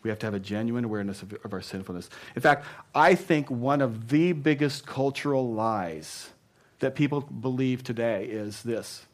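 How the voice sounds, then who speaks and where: A man preaching a sermon as pastor, speaking conversationally and punching key words loudly before dropping to a hush. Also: medium pitch, normal speed. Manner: emphatic, swinging between punchy loud lines and hushed asides; conversational, with frequent "you know".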